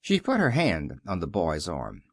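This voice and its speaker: A man narrating a novel in an expressive, flowing storytelling manner. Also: sits low, a little slow, no echo, clean studio sound. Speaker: audiobook reader. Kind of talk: scripted narration.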